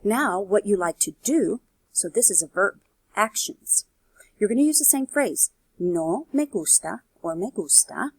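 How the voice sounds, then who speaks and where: A woman teaching Spanish in a recorded video lesson. Her voice has a gravelly, husky grain, and the recording is close and dry. She explains step by step and keeps checking in with her students. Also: medium pitch, no room sound.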